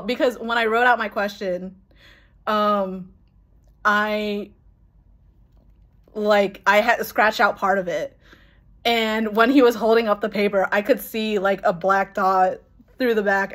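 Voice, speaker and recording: Young woman vlogger, excited and rambling, casual storytelling with fillers. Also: mid-range voice. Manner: gushing, laughs and swears, rambling with fillers.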